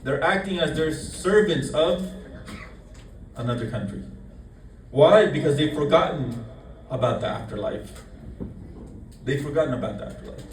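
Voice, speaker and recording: A man giving a sermon at a religious gathering, repeating key lines for emphasis and shifting between loud and hushed delivery. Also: fairly high pitch, lively intonation, moderate pace, long pauses, a little hiss or hum. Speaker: speaker at a Muharram majlis. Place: mosque hall. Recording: echoey hall, voice from some distance.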